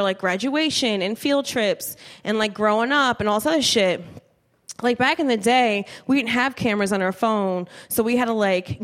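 A woman's voice: on the high side, fairly bright tone. A woman in her thirties doing a stand-up comedy set on a club stage, chatty and profane, acting out voices. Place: comedy club stage before live audience.

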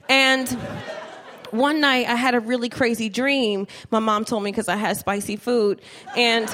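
A woman's voice: on the high side, fairly bright tone. A woman in her thirties doing a stand-up comedy set on a club stage, chatty and profane, acting out voices. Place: comedy club stage before live audience.

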